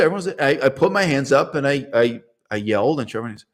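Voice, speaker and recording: A man's voice: mid-range voice, expressive, quick pace, few pauses. A man hosting his own channel, telling a personal story in a digressive, self-correcting way and laughing at himself. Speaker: channel host. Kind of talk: rambling personal monologue.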